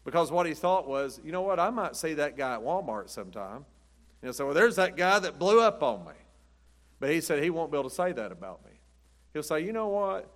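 A man's voice: on the high side, big pitch swings, fairly quick. Folksy preacher man. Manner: chatty, rambling, laughs at his own jokes. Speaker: pastor. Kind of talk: folksy storytelling sermon.

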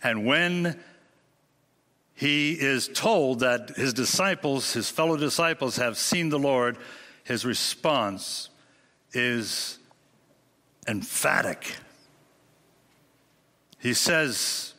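A man preaching a sermon, speaking emphatically with dramatic swings in pitch and rhetorical questions to his congregation. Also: extremely slow, pauses often, bright, forceful tone. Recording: long hall reverb.

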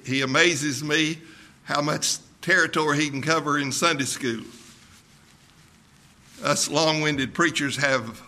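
Slow, bright-voiced preaching man. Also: mid-range voice. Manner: slow, emphatic preaching with repeated words. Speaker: pastor. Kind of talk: sermon.

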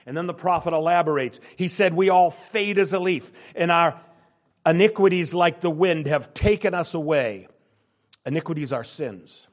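An older man preaches a sermon in an emphatic, insistent manner. His voice sits a little higher than most men's and climbs even higher when he presses a point, then drops low and quiet for his asides. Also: moderate pace. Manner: emphatic preaching, shifting between loud and quiet. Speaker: pastor.

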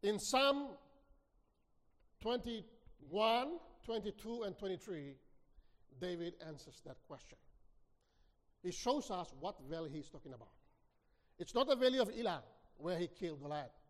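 A man preaching a sermon, reading scripture dramatically, with sudden swings between near-hushed lines and shouted ones. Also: high-pitched, animated, a little slow, long pauses. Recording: long hall reverb.

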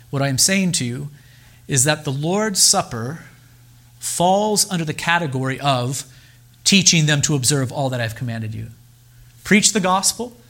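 A male pastor preaching a sermon in a deliberate, emphatic way, with pauses and repeated phrases. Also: fairly high pitch, fairly bright tone.

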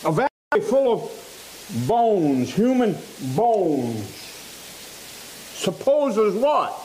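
A man preaching a sermon in a church, slow and emphatic, repeating phrases for stress. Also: high voice, very animated, darkish tone, slight background noise, poor audio.

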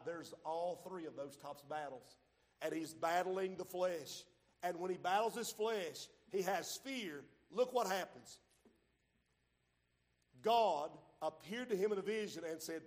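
A man preaching a sermon, swinging from loud shouts to quiet low asides and drawing key phrases out slowly. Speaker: pastor. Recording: long hall reverb.

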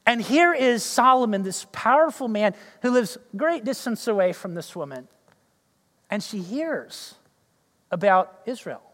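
Guy preaching in a church, really high voice, big hall echo, acts out the story bits. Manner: animated storytelling, acting out characters' lines. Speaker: pastor. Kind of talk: sermon.

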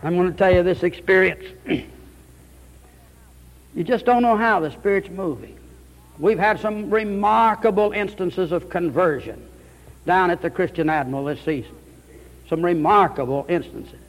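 A man's voice: high-pitched, long reverb tail, rough recording. A man preaching a radio sermon, telling a conversion story and quoting the people in it, building to fervent peaks. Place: church or hall with pulpit.

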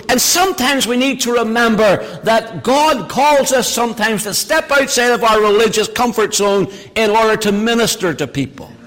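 A man's voice: very high-pitched, fairly bright tone. A middle-aged male pastor preaching a sermon, reading scripture and then explaining it with emphatic, repeated phrases. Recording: long hall reverb.

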